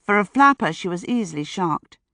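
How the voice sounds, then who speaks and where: A woman narrating a first-person audiobook in a measured, dryly wry manner, close to the mic. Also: mid-range voice, expressive, pushed and bright, no echo.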